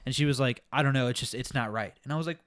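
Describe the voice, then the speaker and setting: A young man co-hosting a casual podcast, telling a work story in a profane, exasperated, animated way. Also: mid-range voice, very fast, no room sound, clean studio sound. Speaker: podcast co-host.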